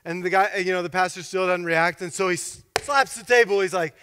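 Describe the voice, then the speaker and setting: Male pastor, high voice, animated storyteller, sermon in a reverberant hall. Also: fairly quick, slight background noise. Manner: animated storytelling, acts out characters.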